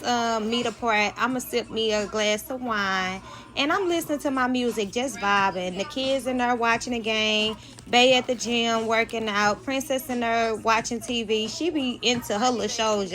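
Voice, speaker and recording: A woman's voice: fairly high pitch, fairly bright tone. A woman in her thirties chatting casually to viewers in her home kitchen as she cooks, loose and frank, full of asides. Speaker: cooking vlogger. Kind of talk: casual kitchen chat to camera.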